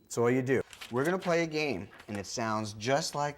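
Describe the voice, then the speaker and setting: A man's voice: medium pitch, expressive, moderate pace, hardly any pauses. Plain-spoken man teaching a hands-on workshop. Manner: direct, practical, repeats key points. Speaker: hearing conservation specialist. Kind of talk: instructional demonstration.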